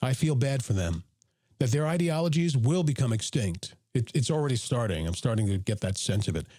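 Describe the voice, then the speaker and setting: Emphatic male host, lively swinging pitch, mellow dry close-mic sound, riffing on his own clips. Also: brisk, dry recording. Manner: animated, emphatic, jokey asides. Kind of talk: live commentary over video clips, reading chat.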